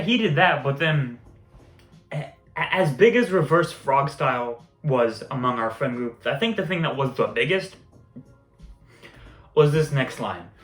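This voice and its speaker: A young man with a slightly high voice tells old school stories in a loose, rambling way, swearing freely and laughing at himself. The room is echoey, with faint music underneath. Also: a bit bright. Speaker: vlogger. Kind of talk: casual storytelling.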